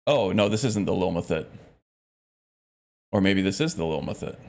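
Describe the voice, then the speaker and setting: A man casually talking through a video game as he plays, relaxed and rambling with fillers. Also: low voice, moderate pace. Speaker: streamer. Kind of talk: casual gameplay commentary. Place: home. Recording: music playing behind. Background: clear background music.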